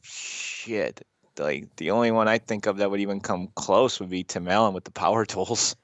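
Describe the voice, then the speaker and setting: A man's voice: on the low side, normal speed, dry recording. A man hosting a podcast, laid-back and swearing casually as he laughs along. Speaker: podcast host. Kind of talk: casual chat.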